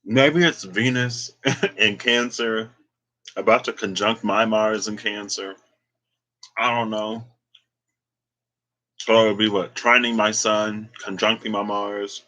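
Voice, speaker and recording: Tarot guy vlogging, low bright voice, slow and rambly, kinda teary and emotional. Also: steady tone, rough recording. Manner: rambling, chatty, unsure of himself. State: emotional, on the verge of tears. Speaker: tarot reader. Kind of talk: casual tarot reading vlog.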